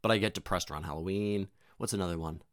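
A man's voice: sits low, fast, clean tone, dry recording, studio quality. A young man rambling casually and profanely in a self-deprecating monologue, full of fillers and restarts.

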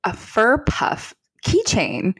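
A hoarse woman, chatting animatedly as a podcast co-host from her desk. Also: on the high side, wildly swooping pitch, very slow, a bit bright, poor audio. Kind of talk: casual chat.

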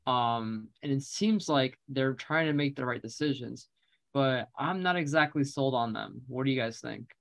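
A man's voice: mid-range voice, normal speed, gravelly, a bit bright, no echo. An American man co-hosting a sports podcast, chatting casually and rambling with jokes and fillers. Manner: rambling, joking, lots of fillers. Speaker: podcast co-host.

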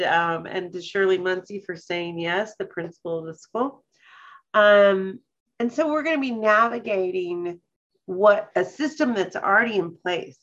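A woman co-hosting a podcast in casual chat, talking slowly and thoughtfully and reading passages aloud with care. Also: on the low side, a bit bright, dull audio. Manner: slow, thoughtful, reads passages aloud carefully. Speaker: podcast co-host.

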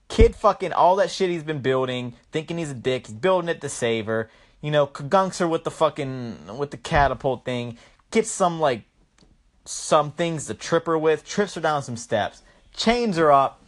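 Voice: mid-range voice, sing-song, measured pace. A young adult vlogger casually recapping a horror movie in a rambling, profane, slangy way.

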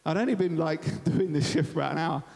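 A man's voice: a little high, fast, creaky, a little mellow. A young man from Kent, preaching a sermon in a large church venue and telling stories in a chatty, self-deprecating way. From Thanet, Kent, England. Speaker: guest preacher. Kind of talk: sermon with personal storytelling. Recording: long reverb of a church hall.

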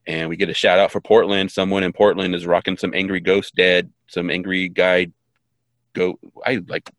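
A man's voice: low voice, flat delivery, normal speed, a bit bright, no room sound. A man co-hosting a podcast, chatting casually and joking through retakes, often stammering and restarting. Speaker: podcast co-host. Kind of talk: casual outtake banter.

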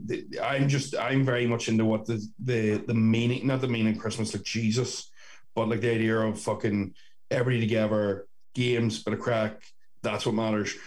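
A young Northern Irish man co-hosting a podcast over a video call, rambling and swearing in casual chat. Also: lowish voice. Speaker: podcast co-host. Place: sister's bedroom at home.

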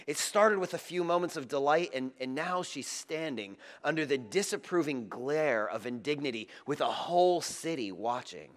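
A man preaching a sermon, moving between loud, emphatic lines and soft, hushed passages. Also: on the high side, expressive, normal speed, few pauses. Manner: dramatic, swinging from loud emphasis to hushed tenderness. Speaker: pastor.

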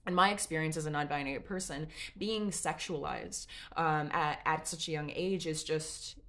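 A woman's voice: sits low, normal speed, a bit bright. A woman casually retelling a story in a chatty, digressive, frank way, with asides and swearing.

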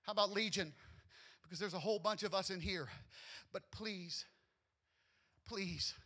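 A man preacher voicing a cheeky male demon horde that pleads to be sent away, in a quick comic aside. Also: high-pitched, pushed and bright, exaggerated voice. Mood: cheeky pleading.

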